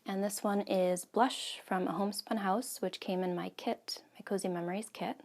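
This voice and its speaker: A woman's voice: mid-range voice, fairly even intonation, moderate pace. A woman in her thirties hosting a casual knitting podcast from home, chatty and full of ums. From United States. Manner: chatty, many ums, soft asides. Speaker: podcast host. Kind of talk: casual chat.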